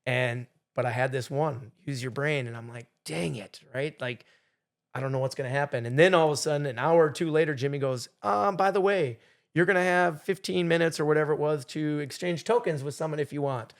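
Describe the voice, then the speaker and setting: Animated storytelling man, higher voice. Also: fairly quick. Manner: animated storyteller, acts out quotes loudly. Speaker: game show contestant guest. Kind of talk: storytelling in a podcast interview.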